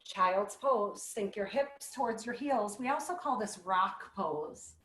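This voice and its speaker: A woman guiding a yoga class with gentle, playful cues. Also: mid-range voice, slow. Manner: gentle, playful cueing with animal sounds. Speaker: yoga instructor. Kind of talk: guided yoga class instruction. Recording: echoey room.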